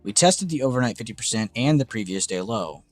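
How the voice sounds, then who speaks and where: A young man hosting a casual live trading stream, excitable and gushing, swearing freely. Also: on the low side, fairly quick. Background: faint background music.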